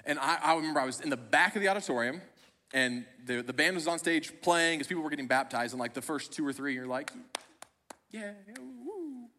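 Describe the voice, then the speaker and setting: A man's voice: a little high, quick pace, pushed and bright. A young man, a pastor, telling a personal story in a sermon with a conversational, self-deprecating humor. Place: church auditorium. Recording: long hall reverb.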